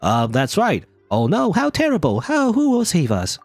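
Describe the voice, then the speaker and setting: A man doing a squeaky little fairy girl companion. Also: wildly swooping pitch, normal speed, no room sound, soft background music, heavily acted. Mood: fretful. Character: small chirpy female fairy companion.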